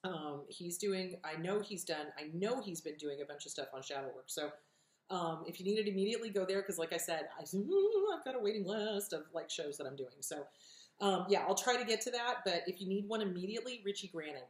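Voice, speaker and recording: A woman's voice: lowish voice, expressive, a little fast. A middle-aged woman from California hosting an advice show, blunt and direct, swearing freely as she answers viewer questions. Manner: direct, emphatic, encouraging. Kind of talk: casual advice talk. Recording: echoey room.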